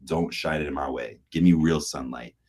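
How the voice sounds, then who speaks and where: A man's voice: very deep voice, normal speed, darkish tone, breathy edge. A man hosting a podcast, chatting casually and telling stories, acting out the voices of people he quotes and laughing often. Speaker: podcast host.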